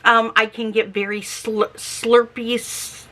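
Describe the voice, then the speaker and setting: A chatty middle-aged homestead vlogger speaks in a bright, forward, fairly high voice with a flat delivery. She talks slowly and carefully, though her dentures make her S sounds slightly slurred and lisping.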